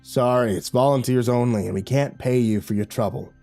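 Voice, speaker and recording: A man playing a wary polite villager, uneasy, hedging, dark mellow tone, faint music. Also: medium pitch, fairly quick, natural voice.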